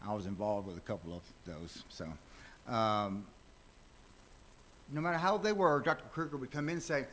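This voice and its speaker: A man's voice: medium pitch, normal speed, pauses often, fairly bright tone. Folksy man teaching a church class. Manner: folksy, rambling storytelling with restarts. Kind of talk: casual church class talk with personal stories.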